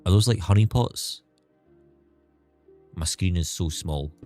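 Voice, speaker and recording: A man's voice: low voice, slow, mellow, soft background music. A young man with a toned-down Scottish accent chatting casually on a livestream, thanking viewers and swearing now and then. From Scotland. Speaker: streamer. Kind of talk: casual livestream chat while gaming.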